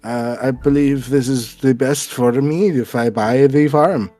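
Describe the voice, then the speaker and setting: A man's voice: medium pitch, unhurried, dark tone, close to an everyday voice. A man voicing a rich, stubborn foreign man set on buying a farm, self-assured and matter-of-fact.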